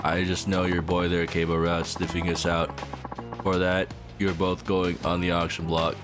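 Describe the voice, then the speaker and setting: A man voicing a gruff male gangster thug who bullies his captives and then grovels before his boss. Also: deep voice, completely flat delivery, moderate pace, music in the background, pitched below the performer's own voice, natural voice. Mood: menacing.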